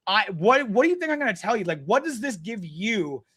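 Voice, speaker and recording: A man talking as a podcast guest, telling stories in a blunt, animated way with plenty of swearing. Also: high voice, fairly quick, breathy edge. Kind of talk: casual storytelling chat.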